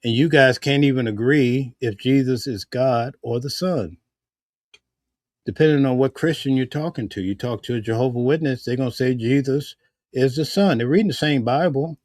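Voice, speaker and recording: A man's voice: mid-range voice, moderate pace, a little mellow, dry recording. Heated preachy man, dry close sound. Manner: heated, preachy, full of rhetorical questions. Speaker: vlogger. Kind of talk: casual spoken commentary.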